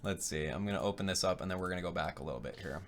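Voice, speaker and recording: A man hosting a casual video game reaction, joking and laughing often, with quick rambling asides and quieter mumbling while he browses. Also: vocal fry, slight background noise. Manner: drops to low mumbling while clicking around. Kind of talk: casual live reaction commentary.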